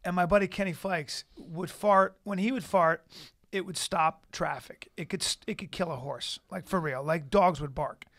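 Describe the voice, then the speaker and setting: A man's voice: high-pitched, moderate pace, a bit bright. A man telling crude funny stories in a casual chat, often laughing through them. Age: adult. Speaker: podcast co-host.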